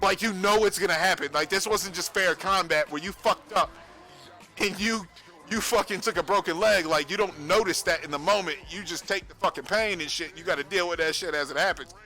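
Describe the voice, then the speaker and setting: Man, livestream chat, bright forceful voice, slightly high, profane and animated, faint music behind. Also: a little fast. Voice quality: profane, animated storytelling with frequent laughs. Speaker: streamer. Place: home streaming setup.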